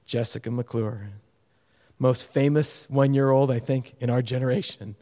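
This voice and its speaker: A middle-aged male pastor preaching a sermon, telling a story that swings between loud urgency and hushed tenderness. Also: mid-range voice, fairly even intonation, measured pace. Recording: long hall reverb.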